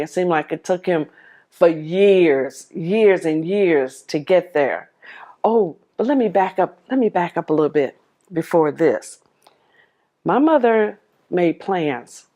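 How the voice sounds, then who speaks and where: A woman's voice: lowish voice, darkish tone. A woman telling her life story to the camera, heartfelt and vivid, replaying old conversations as dialogue. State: tearful at moments.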